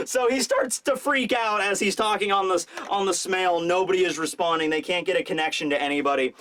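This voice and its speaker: A man's voice: high-pitched, brisk, few pauses, a bit bright. A man hosting a manga review, recapping a chapter in a casual, rambling and jokey way, full of fillers.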